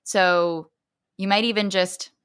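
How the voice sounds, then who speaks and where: A woman hosting a parenting podcast, explaining her point and acting out customer-service exchanges in animated quoted voices. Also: medium pitch, slow pace, smooth. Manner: explanatory, acts out quoted dialogue in lively voices. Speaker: podcast host. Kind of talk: parenting advice monologue.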